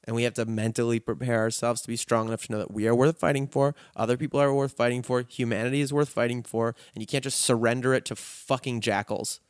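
A man's voice: mid-range voice, level tone, fast, few pauses, clean tone, dry recording, clean studio sound. Earnest, profane male podcast host. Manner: earnest, profane, pep-talk delivery. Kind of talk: impassioned solo podcast sign-off.

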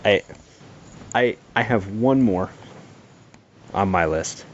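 A man with a low voice, speaking very slowly and easily in casual chat. The recording is dull and lo-fi, with faint noise behind him.

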